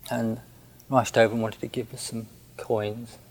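Gravelly-voiced hesitant monk telling a story. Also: male voice, mid-range voice, flat delivery, unhurried, rough recording. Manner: hesitant, gentle, many restarts and fillers. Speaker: Buddhist monk. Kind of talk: recounting a personal story in a talk.

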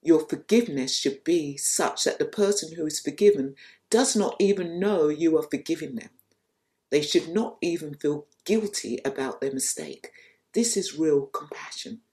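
A soft-spoken woman giving a reflective spiritual talk, telling a teaching story unhurriedly and repeating phrases for emphasis. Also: sits low.

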